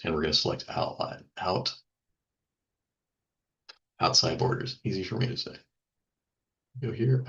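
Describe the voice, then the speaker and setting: A man with a very low voice talks through a software tutorial step by step, relaxed and thinking aloud, with ums and small slips he corrects as he goes. The audio is a bit dull and lo-fi, like a simple computer mic. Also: gravelly. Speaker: instructor. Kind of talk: screen-recorded software tutorial.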